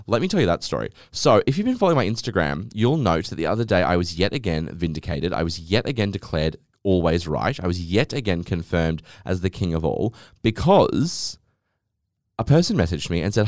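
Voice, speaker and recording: A man's voice: sits low, big pitch swings, fairly quick, dry recording, studio quality. A man hosting a casual solo podcast, telling rambling stories in a sassy, swearing way. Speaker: podcast host.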